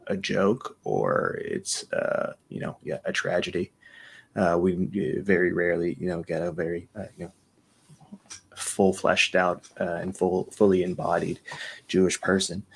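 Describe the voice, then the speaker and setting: A man's voice: low voice, gravelly. A man speaking as a panelist in a discussion, hesitant and full of fillers.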